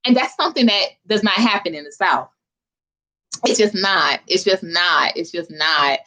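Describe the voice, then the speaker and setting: A woman's voice: lowish voice, moderate pace, bright, forceful tone. A young woman from Philadelphia hosting a casual livestream, chatting loosely with viewers in a slangy, direct way. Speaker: livestream host.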